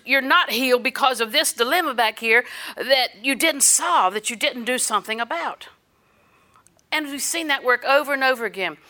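A woman's voice: on the high side, sharp tone. An older woman minister preaching a sermon, telling personal stories with quoted dialogue and occasional laughter.

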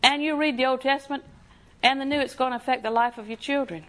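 A woman's voice: high-pitched, steady tone, fast, fairly bright tone. A woman preaching a sermon in a folksy, emphatic way, often putting questions to her listeners.

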